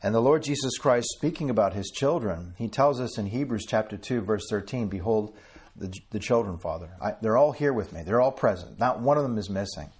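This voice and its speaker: Husky-voiced man preaching. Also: fairly low pitch, expressive, fairly quick, a little mellow. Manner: conversational, addresses listeners by name, reads scripture in old-fashioned wording. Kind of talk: informal sermon to a small group.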